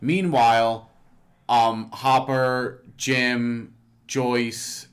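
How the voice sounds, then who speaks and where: A man's voice: mid-range voice, little pitch movement, extremely slow. A man co-hosting a podcast, casually recapping a show's plot and correcting his co-host. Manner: corrects and fills in plot details, lots of "like" and "uh". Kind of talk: casual chat recapping a show.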